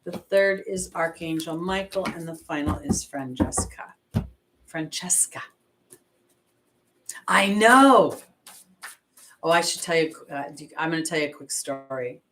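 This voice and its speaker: A woman's voice: sits low, normal speed, noisy background. A woman, an intuitive astrologer, giving a casual oracle card reading and chatting expressively straight to her viewers.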